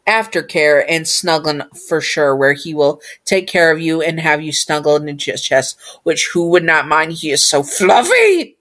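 A woman's voice: low-pitched, lively intonation, moderate pace, few pauses, fairly bright tone. Chatty woman reading a fan story. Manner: chatty, giggly, talks to herself.

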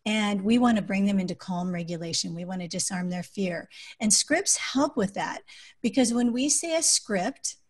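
Soft-spoken woman giving parenting advice. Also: mid-range voice, moderate pace. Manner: warm, explaining with practical examples. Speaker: guest, adoptive parent and author. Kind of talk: podcast interview conversation.

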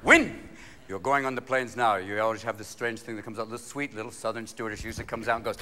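A man doing live stand-up comedy in a large theater, talking fast and jumping between many put-on voices. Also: lowish voice, steady tone, bright, forceful tone, a little hiss or hum. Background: audience laughter.

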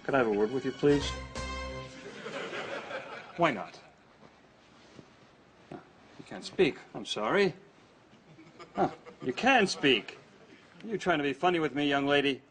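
An actor playing a pompous, bumbling police detective in a sitcom for English learners, speaking slowly and theatrically. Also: male voice, medium pitch, animated, fairly bright tone, soft background music. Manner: slow, theatrical, self-important.

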